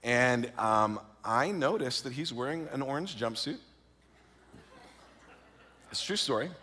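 A middle-aged man from California telling a personal story in a lively, self-mocking way, full of fillers and restarts and acting out the voices he quotes. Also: medium pitch, measured pace. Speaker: speaker. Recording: long reverb of a large hall.

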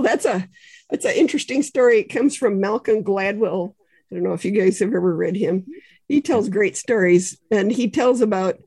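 A woman's voice: medium pitch, darkish tone, dry recording. A woman author, a podcast guest, explaining ideas in conversation with examples and frequent asides. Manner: explains ideas with examples, frequent "you know" and small laughs.

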